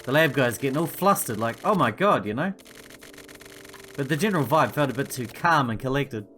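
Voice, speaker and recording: A man's voice: medium pitch, lively intonation, a little fast, pushed and bright, a little hiss or hum. A man reading game dialogue aloud as a chatty, laid-back male agent with a casual, rambling way of talking. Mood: explaining. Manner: casual, rambling, filler-heavy. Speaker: game reader voicing characters.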